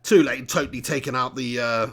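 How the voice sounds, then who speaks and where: A man hosting a live football watch-along, commentating as a fan, excitable and swearing, often laughing at his own jokes. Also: medium pitch, a little fast, creaky, husky.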